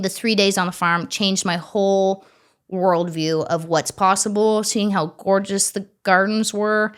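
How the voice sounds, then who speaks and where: A woman's voice: mid-range voice, clear, resonant tone. Chatty woman telling stories. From Ontario, Canada. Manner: animated, chatty, swears casually, acts out quoted dialogue. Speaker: farmer, interview guest. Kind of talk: casual storytelling interview.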